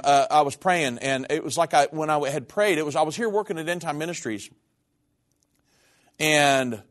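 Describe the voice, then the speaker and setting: A middle-aged man, a minister, giving a personal testimony in a sermon, speaking in an earnest, candid, conversational way. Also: on the high side.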